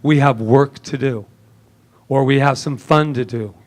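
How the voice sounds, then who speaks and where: A man preaching a lively sermon in a church service, joking and laughing often with the congregation. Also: medium pitch, unhurried. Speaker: minister.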